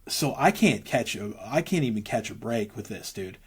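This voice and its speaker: Male guest, 30s, low husky voice; earnest, rambling storyteller. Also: lively intonation, normal speed. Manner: rambling, earnest, many restarts and fillers. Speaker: interview guest, musician. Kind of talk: candid storytelling interview.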